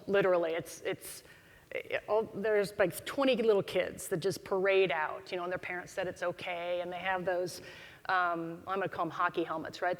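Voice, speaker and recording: A woman speaker telling stories to a live audience, acting out the voices of the people she quotes. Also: medium pitch. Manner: animated storyteller, acts out quoted voices. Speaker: keynote speaker. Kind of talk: storytelling talk to a live audience. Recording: long hall reverb.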